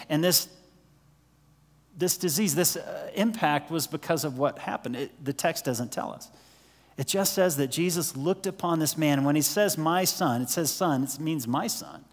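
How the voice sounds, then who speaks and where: A man's voice: a little high, expressive, moderate pace, in a large hall. A man preaching a sermon in a conversational way, asking the listeners questions and dropping to a near-whisper for emphasis. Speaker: pastor.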